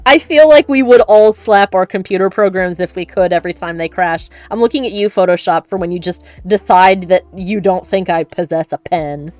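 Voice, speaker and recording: A woman's voice: lowish voice, a little mellow, no room sound. Chatty woman streamer, dry sound. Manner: chatty, laughs often, quick asides. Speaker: streamer host. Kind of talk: casual chat on a stream.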